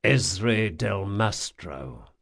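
A man voicing a large, loyal male thief in an audiobook, speaking low and quietly. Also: big pitch swings, takes it slowly, gravelly, breathy edge, heavily acted. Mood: cold.

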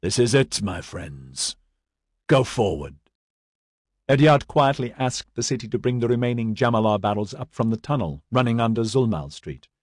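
A man giving a scripted audiobook narration in a steady, even storytelling manner. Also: fairly low pitch, dry recording, studio quality.

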